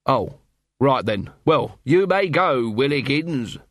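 A man's voice: mid-range voice, animated, takes it slowly, fairly bright tone, no room sound, studio quality. A man voicing a weary, plain-spoken male watch commander.

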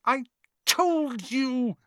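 A man's voice: sits high, very animated, moderate pace, fairly bright tone, dry recording, pitched above the performer's own voice, exaggerated voice. Hermione, a bossy breathless schoolgirl, as a man puts her on. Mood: urgent. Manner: breathless, urgent. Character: bossy clever young schoolgirl. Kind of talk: audiobook character voice.

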